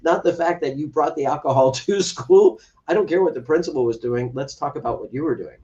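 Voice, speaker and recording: Guy telling a heartfelt story on a podcast, sounds a bit far off and muffled, mid-pitched. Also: fairly quick, a little mellow. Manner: earnest, acts out quoted dialogue. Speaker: podcast guest, adoptive father. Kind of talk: emotional storytelling in an interview. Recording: distant, slightly dull podcast audio.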